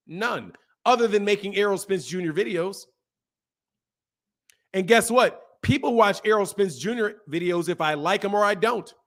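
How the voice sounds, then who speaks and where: This boxing commentary host has a high-pitched, fairly bright voice. He runs a live boxing talk stream, chatting casually and animatedly with his chat, repeating points and laughing.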